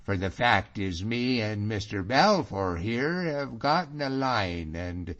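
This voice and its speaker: A man voicing a bold, wily middle-aged Scottish Highlander, hearty and mocking, in a dull lo-fi audiobook recording. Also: expressive, slow pace, fairly bright tone.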